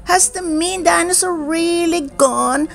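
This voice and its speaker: Woman doing a tiny brave dinosaur girl, high. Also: slow pace, vocal fry, soft background music, heavily acted. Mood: eager. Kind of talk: children's storybook read-aloud.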